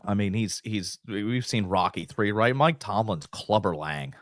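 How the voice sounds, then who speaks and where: Animated man on a sports podcast. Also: lowish voice, normal speed, dry recording, studio quality. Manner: animated, hyperbolic, jumps into little impressions. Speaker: podcast co-host. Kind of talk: casual sports betting chat.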